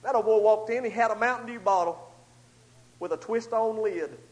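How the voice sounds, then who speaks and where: A man preaching a storytelling sermon, swinging between loud outbursts and hushed asides. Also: high voice, moderate pace, rough recording.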